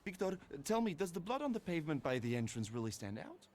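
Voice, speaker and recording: Game gang boss: gruff, loyal, middle-aged, animated delivery. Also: male voice, fairly high pitch, fast, a little hiss or hum. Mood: scheming. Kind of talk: video game voice acting.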